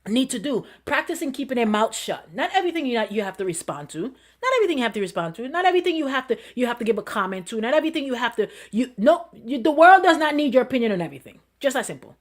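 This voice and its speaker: A middle-aged woman pastor with a somewhat high voice preaches in a relaxed, conversational style. She repeats her phrases, keeps asking the listeners questions, and sinks to a soft murmur whenever she quotes what she tells herself. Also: fast talker, hardly any pauses. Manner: drops to a soft murmur when quoting her self-talk. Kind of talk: sermon.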